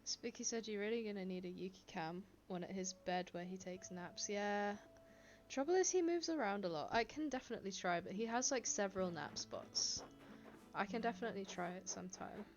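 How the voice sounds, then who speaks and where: A woman's voice: medium pitch, brisk, muffled recording, faint music behind. A woman chatting casually to her live-stream chat from home, laughing often and reading viewers' comments aloud. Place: home, indoors. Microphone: desk microphone.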